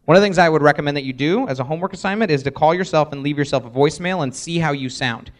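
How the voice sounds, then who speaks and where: A man presenting a live sales workshop, energetic, acting out sample voicemails as he teaches. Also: fairly high pitch, rapid-fire.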